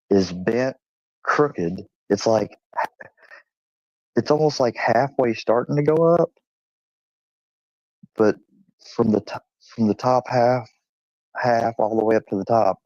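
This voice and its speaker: A man streaming from home, telling an animated story casually and swearing freely, and cooing at his dog. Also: no echo, lo-fi sound. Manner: animated, swearing, high-pitched when imitating animals; coos at his dog in a high sing-song.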